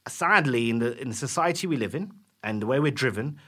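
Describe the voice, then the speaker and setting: Animated man co-hosting a podcast. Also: mid-range voice, brisk. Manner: animated, explains with examples. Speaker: podcast co-host. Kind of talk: casual podcast chat.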